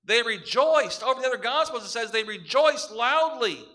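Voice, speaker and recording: With a bright, forceful, and unusually high-pitched voice, a male pastor delivers his sermon a little fast and with lively intonation. Repeated parallel phrases drive every point home, following a traditional preaching rhythm.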